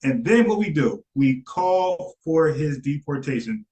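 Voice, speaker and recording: Lively man riffing on a video. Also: a little high, a little slow, hardly any pauses, poor audio. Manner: animated, acts out quoted voices, repeats phrases. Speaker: commentator reacting to a video. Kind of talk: casual reaction commentary.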